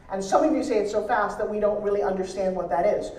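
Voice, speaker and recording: A woman with a mid-range voice talks fast from the stage of a large event hall, teaching pitching in a live seminar. Energetic and joking, she engages the audience, and she sounds roomy and distant.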